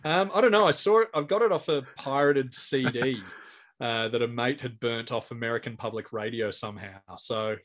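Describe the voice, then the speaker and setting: A man's voice: medium pitch, moderate pace, fairly bright tone. A man in his forties with an Australian accent, telling anecdotes as a comedian guest in a casual interview, restarting his sentences often. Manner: rambling anecdotal storyteller with many restarts.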